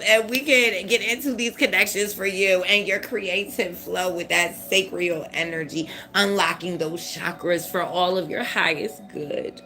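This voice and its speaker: A woman tarot reader hosting a casual live stream, loud, profane and teasing, laughing as she talks to viewers. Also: on the low side, steady tone, a little slow, hardly any pauses.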